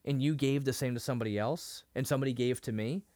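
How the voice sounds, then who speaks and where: A man's voice: medium pitch, fast, no room sound, studio quality. A man co-hosting a podcast, retelling a TV episode with feeling, full of fillers and restarts. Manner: emotional, animated retelling with many fillers and restarts. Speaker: podcast co-host. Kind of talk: casual discussion of a TV episode.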